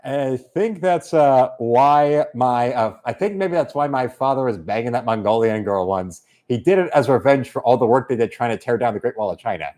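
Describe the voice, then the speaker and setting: A man's voice: medium pitch, animated, moderate pace, few pauses, darkish tone. A man rambling hesitantly and crudely while drawing on a livestream. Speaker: artist streaming while drawing.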